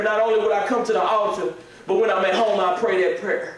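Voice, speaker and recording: A man preaching a sermon as pastor, moving from quiet pleading to shouted prayer. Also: high-pitched, fairly even intonation, brisk, few pauses. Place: church sanctuary. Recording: echoey church hall, mic at a distance.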